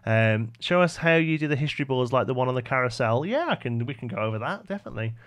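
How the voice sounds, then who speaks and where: Talking fast and animatedly at a medium pitch, this West Midlands man with a Brummie accent builds on a live stream, reading out chat and replying to viewers in a chatty, casual way. There's no echo on the audio.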